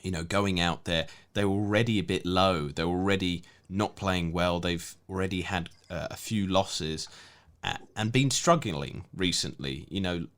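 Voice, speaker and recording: A man co-hosting a podcast in casual chat, chatty and quick to laugh. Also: low-pitched, fairly bright tone. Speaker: podcast co-host, football pundit.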